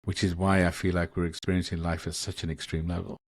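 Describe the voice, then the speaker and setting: In a low, level voice at a quick pace with no room sound, this spiritual guest on an Akashic Records video call speaks earnestly. The casual conversation is rambling, and he restarts often.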